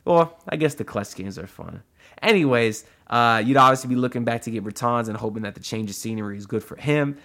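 A man's voice: mid-range voice, brisk, fairly bright tone. Casual sports podcast guy rambling solo. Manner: chatty and loose, with frequent "uh" and asides. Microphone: audio-only podcast mic.

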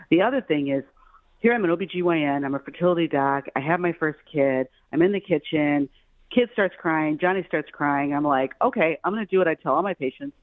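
A middle-aged woman, a fertility doctor, telling personal stories in a casual chat, animated and acting out the voices of the people she quotes. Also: sits low, dry recording. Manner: animated, acts out quoted voices, repeats words when excited. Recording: tinny phone line, dry.

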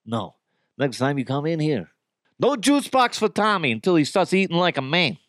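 A man's voice: fairly high pitch, sing-song, normal speed, fairly bright tone, no echo. Man putting on a foul-mouthed italian gangster, irritable, profane scolding, dry close sound. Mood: irritated.

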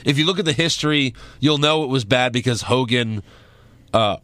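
A man's voice: medium pitch, normal speed, fairly bright tone, no room sound. A man co-hosting a wrestling podcast, joking and swearing as he reads out listener questions. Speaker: podcast co-host. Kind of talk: casual podcast banter.

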